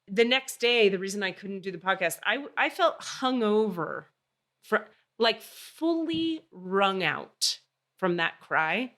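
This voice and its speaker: A woman hosting a podcast, telling a story in casual chat, animated and swearing freely. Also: medium pitch, slow pace. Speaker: podcast host.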